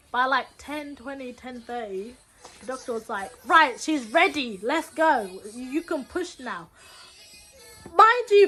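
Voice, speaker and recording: A young woman, telling a story in a casual, slangy and animated way, acting out what people said. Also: high-pitched. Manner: animated, acts out quotes with loud bursts and laughter; slangy, repetitive phrasing. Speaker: vlogger.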